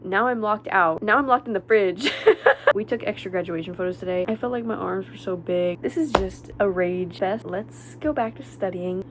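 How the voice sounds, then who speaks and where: A woman's voice: mid-range voice, normal speed, background noise. A woman in her twenties, a college senior, chatting in a talkative, dramatic way in a study vlog. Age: 20s. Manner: talkative, dramatic, slips into whispers.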